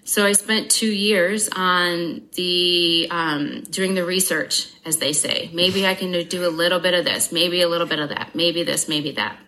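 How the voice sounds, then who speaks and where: The recording is rough and her voice sits on the low side. Interviewed as a guest, this woman tells her own story in a brisk, animated way, blunt and frank, swearing freely and lacing it with wry humor.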